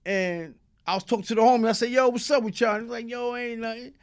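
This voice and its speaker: A man's voice: extremely high pitch, fairly even intonation, fast talker, clear, resonant tone. A man from Brooklyn with a New York accent, telling a long, profane, streetwise story as an interview guest. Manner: streetwise, profane, tag questions like "you heard?". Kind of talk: casual storytelling.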